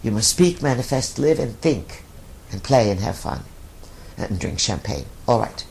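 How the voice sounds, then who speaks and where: A man's voice: fairly low pitch, sing-song, measured pace, vocal fry, a little mellow, a little hiss or hum. A man speaking as a collective voice in a channeling session, using emphatic, repeated lists. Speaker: channeled speaker answering questions.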